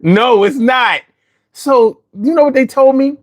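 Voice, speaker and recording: A man hosting a casual chat, telling stories with lots of swearing and putting on high voices when he quotes himself. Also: measured pace. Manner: animated storyteller, swears freely, jumps into high voices for quotes. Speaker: host.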